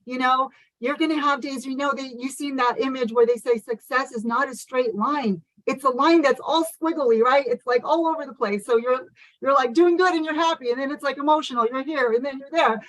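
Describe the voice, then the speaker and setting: A woman giving a fast, passionate motivational talk over a video call, full of "like" and "you guys.". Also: high voice, a bit bright, no echo, low-quality recording. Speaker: motivational speaker at an online conference. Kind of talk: motivational speech.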